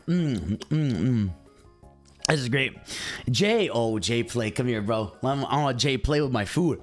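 Young man, game streamer, casual rambling chatter, mid-range voice, faint music behind. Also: medium pitch. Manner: rambling, chatty, addresses chat directly. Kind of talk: casual live-stream chat.

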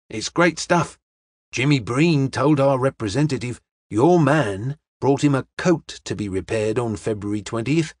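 A solid police sergeant, voiced by a male audiobook reader reports in a plain, businesslike way. He sits at a middle pitch, and the recording is close and dry. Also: darkish tone, dry recording, lightly acted. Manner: matter-of-fact, businesslike. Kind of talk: audiobook character reading.

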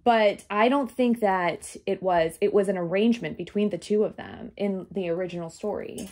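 A woman's voice: mid-range voice, moderate pace, a little mellow. Woman chatting to viewers. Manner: talks straight to viewers, apologetic asides. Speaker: shop host showing vintage clothes. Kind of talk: casual chat.

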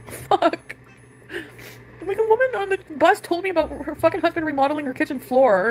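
A woman's voice: very high-pitched, animated, moderate pace, pauses often, slight background noise, rough recording. A young woman vlogging, rambling, swearing and venting about her trip and her friends. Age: young adult. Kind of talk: emotional confessional vlog. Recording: clip with music behind.

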